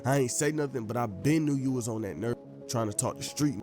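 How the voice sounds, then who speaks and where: A man's voice: medium pitch, fairly quick, over music. A man narrating a commentary voice-over in a casual, slang-heavy way.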